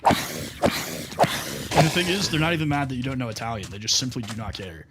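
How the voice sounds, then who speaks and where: A man's voice: medium pitch, very animated, normal speed, creaky, heavy background noise. An American man streaming a game while chatting casually, telling loose stories peppered with "like" and "bro". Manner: loose storytelling full of "like" and "bro". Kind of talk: casual chat while gaming.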